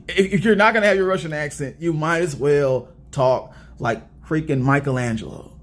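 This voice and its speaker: Animated, higher-voiced young man reviewing movies. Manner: animated, rambling, joking.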